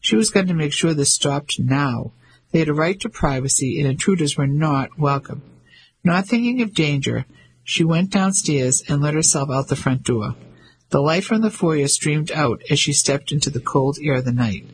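Husky male audiobook narrator, slightly high, measured storytelling. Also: lively intonation, low-quality recording. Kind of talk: scripted narration.

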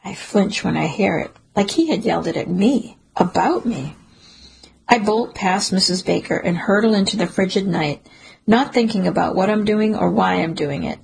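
Husky, gravelly woman narrating a suspense story. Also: medium pitch, expressive, normal speed, a little mellow, rough recording. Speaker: audiobook narrator. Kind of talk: first-person suspense narration.

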